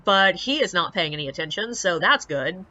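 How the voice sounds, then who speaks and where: Bright, chatty woman telling stories. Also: fairly low pitch, normal speed, muffled recording. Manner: chatty, animated, filler-heavy. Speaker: ghost tour guide. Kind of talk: casual storytelling to camera.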